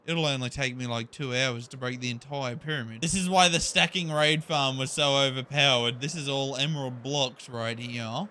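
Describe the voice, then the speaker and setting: A man's voice: mid-range voice, pushed and bright, clean tone. A man giving casual gameplay commentary for his video channel, chatty and exasperated, often laughing at himself. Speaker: gaming video creator.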